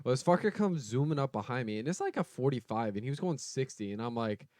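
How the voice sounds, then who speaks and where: A young man co-hosting a podcast, telling a road rage story in a casual, profane, animated way. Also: mid-range voice, quick pace, no room sound, studio quality. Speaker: podcast co-host.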